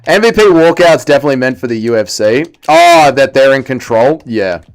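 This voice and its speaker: A young man live-streaming, chatting casually and excitably while he plays, swearing and reading chat aloud. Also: mid-range voice, brisk, smooth, faint music behind. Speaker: livestreamer.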